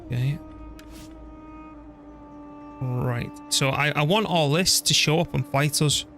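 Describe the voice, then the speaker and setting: A man talks his way through a live strategy-game stream, his voice dropping into a gravelly fry at the ends of phrases. He chatters in a loose, self-mocking way and scolds his software as if it could hear him. Soft music plays quietly behind him. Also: fairly high pitch, slow pace. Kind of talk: live gameplay commentary.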